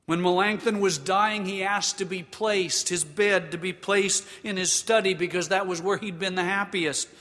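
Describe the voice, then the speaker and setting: A man preaching a sermon as a pastor, slow and emphatic, leading the congregation to repeat lines after him. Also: high voice, steady tone, bright, forceful tone, big-room sound.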